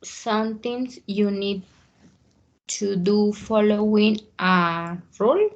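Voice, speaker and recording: Woman reading aloud very slowly. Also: medium pitch, highs cut off. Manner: slow, careful, halting reading. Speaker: student.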